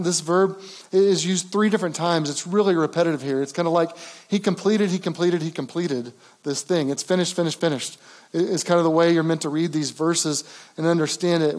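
Male pastor, high voice, chatty sermon delivery with restarts and emphatic peaks. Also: a little mellow. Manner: conversational, frequent restarts, rising to emphatic cries.

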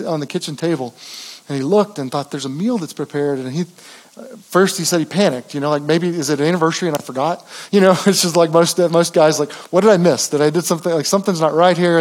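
A pastor preaching a sermon in an earnest, conversational way, with frequent restarts. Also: male voice, a little high.

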